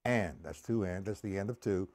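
A man's voice: low-pitched, normal speed, noisy background. A man teaching a drum lesson on a live stream, counting the beats aloud and explaining each stroke step by step.

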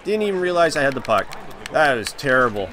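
A man commenting live on the hockey video game he is playing, reacting loudly to each play and groaning at his mistakes. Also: mid-range voice, fairly quick. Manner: excitable, reacts loudly, groans and laughs at plays. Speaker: gaming channel host.

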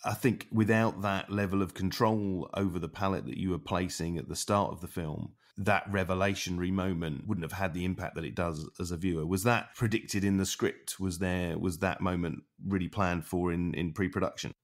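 Deep-voiced, articulate male interviewer. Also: steady tone, moderate pace, few pauses. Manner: articulate, long flowing sentences. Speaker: interviewer, cinematographer. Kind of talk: interview questions and commentary.

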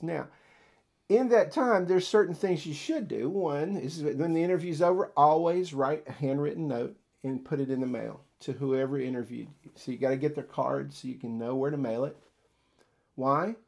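Mellow-voiced man coaching job seekers. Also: a little high, gravelly. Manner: animated, acts out quoted dialogue. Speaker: career coach. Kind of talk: casual instructional talk.

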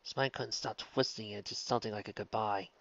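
A man reading a fan fiction story aloud in steady, soft-spoken narration. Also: lowish voice, fast, creaky, muffled recording. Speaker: story reader.

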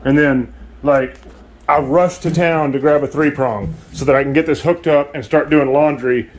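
A man vlogging casually at home rambles and curses while talking to his audience. He speaks at a moderate pace in a higher-pitched voice, and the audio quality is poor.

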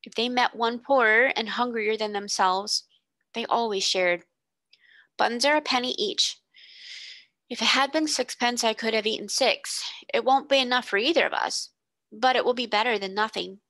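A woman's voice: fairly high pitch, moderate pace, pushed and bright, no echo. A woman reading aloud, voicing an earnest, well-spoken little girl who is brave and hungry.

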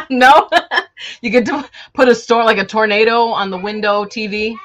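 A woman's voice: fairly high pitch, slow, a bit bright. A woman from Chicago, chatting casually and joking with viewers on a live stream while working on a sewing project at home. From Chicago, USA. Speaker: sewing vlogger.

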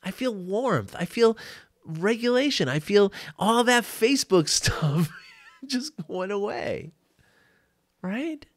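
A middle-aged male coach telling personal stories, animated, often laughing and acting out quotes. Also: high-pitched, slow, dry recording. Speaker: life coach. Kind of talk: reflective storytelling monologue.

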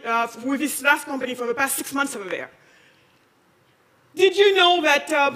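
A woman from Senegal giving a passionate conference talk, firing off challenging questions and rising to near-shouting. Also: sits high. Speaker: speaker at a conference. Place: large conference hall. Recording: long reverb of a large hall.

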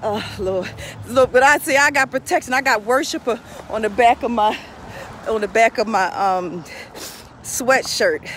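A middle-aged woman pastor with a high voice chats and prays on a casual live stream outdoors. She laughs often between phrases, and faint traffic hums behind her. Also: measured pace, fairly bright tone. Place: outdoors near a street.

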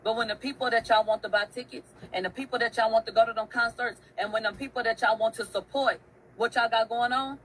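A woman's voice: fairly high pitch, fairly even intonation, quick pace, a bit bright, slight background noise, poor audio. Emphatic woman host telling a story. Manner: emphatic, profane, repeats phrases for effect. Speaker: online show host. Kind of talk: casual storytelling rant.

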